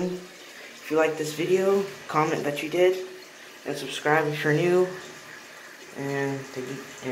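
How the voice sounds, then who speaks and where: In a casual vlog, a channel host rambles through an amused show-and-tell of a toilet, shot on a phone in a bathroom. The mid-range voice competes with background noise in an echoey room with running water.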